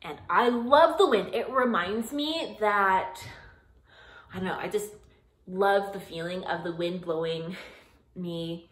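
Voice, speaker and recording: A young woman leading children's singing time, speaking gently and encouragingly between songs. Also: mid-range voice. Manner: gentle, encouraging, sings along. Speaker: children's music leader.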